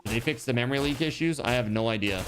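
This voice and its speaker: A man streaming a game live, chatting casually with his viewers and thinking out loud. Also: mid-range voice, quick pace, faint music behind. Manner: chatty, talks to chat, trails off and restarts. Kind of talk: casual live-stream chat while gaming.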